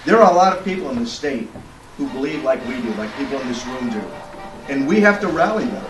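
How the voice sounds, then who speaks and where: A man's voice: medium pitch, expressive, quick pace, music in the background. Folksy man rallying a fundraiser crowd. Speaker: political speaker. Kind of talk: political fundraiser speech. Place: indoor event room. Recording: echoey room, distant mic, background noise.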